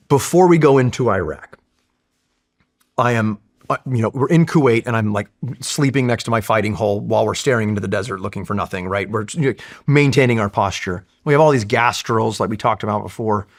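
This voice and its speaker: A man in his forties, a Marine veteran, telling stories in a casual, candid, animated way with frequent fillers and swearing. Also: lowish voice, brisk. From California. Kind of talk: casual storytelling in a long-form interview.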